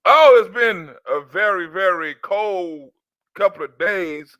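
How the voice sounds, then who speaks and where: A man's voice: sits high, slow, dry recording. Man with a slightly sore voice, ranting. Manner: animated, loose and talkative, with crude asides. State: slightly sore voice after a cough. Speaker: channel host. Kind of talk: casual political rant to viewers.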